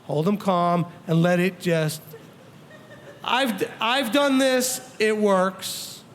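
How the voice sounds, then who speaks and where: A high-voiced man teaches a congregation as their rabbi. He talks in a loose, conversational way, slipping into other people's voices to act out what they might say. He keeps turning to the listeners with direct questions. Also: takes it slowly, slight background noise. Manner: animated, acts out quoted people and questions the audience.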